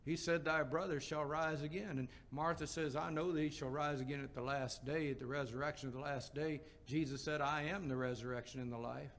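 Gravelly-voiced male preacher. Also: fairly high pitch, steady tone, a little fast, few pauses, a bit bright. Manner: expository preaching with scripture quotes and rhetorical questions. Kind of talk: sermon.

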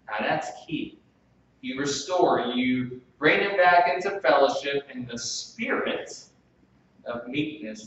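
Male pastor, mid pitch, preaching with loud bursts and soft drops; heavily echoey hall, distant dull mic. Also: animated, slow pace. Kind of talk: sermon.

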